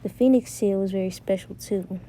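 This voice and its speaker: A woman's voice: medium pitch, normal speed, mellow, slight background noise, lightly acted. A woman playing a patient male ninja teacher. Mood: explaining.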